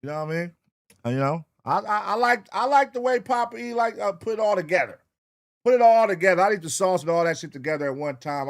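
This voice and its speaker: Loud hip hop plays behind a streamer host whose voice is fairly high and gravelly, recorded dry with studio quality. He talks loosely and with profanity to his chat, calling out names in a sing-song roll call.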